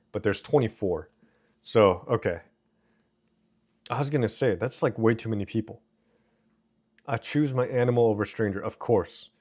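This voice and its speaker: A man's voice: on the low side, a little mellow. A man streaming live, reading his chat aloud and bantering with his viewers in a joking way. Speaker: livestreamer. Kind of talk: casual livestream chat.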